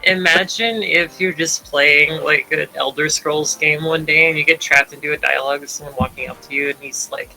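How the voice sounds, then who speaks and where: Male co-host, dry sarcastic quips, very bright voice. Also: on the high side, fairly even intonation, normal speed, creaky, few pauses, faint music behind, low-quality recording. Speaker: podcast co-host. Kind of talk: casual chat about a tabletop game.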